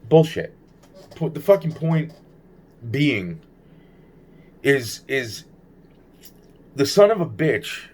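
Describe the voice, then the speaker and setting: A man's voice: medium pitch, very animated, slow pace, pauses often, darkish tone, a little hiss or hum. A man telling a rambling personal story to camera, agitated and heavily profane, often restarting his sentences. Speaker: vlogger recounting personal experiences.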